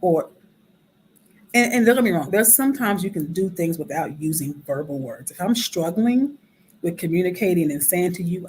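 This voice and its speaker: A woman drama therapist hosting a talk show, explaining in a casual teaching way and acting out quoted voices with animated shifts. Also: on the low side, moderate pace, a little hiss or hum, low-quality recording.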